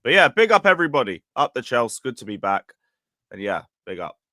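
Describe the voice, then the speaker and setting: A man chatting about football, upbeat and slangy, giving shout-outs. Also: medium pitch, big pitch swings, fairly quick, no room sound, clean studio sound. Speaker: guest. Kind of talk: casual football banter.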